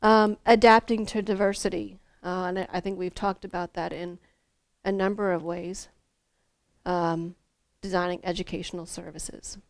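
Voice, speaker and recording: A woman's voice: on the low side, flat delivery, moderate pace, dry recording. A woman, a former school counselor, leading a teacher workshop in a conversational, storytelling way with fillers and restarts.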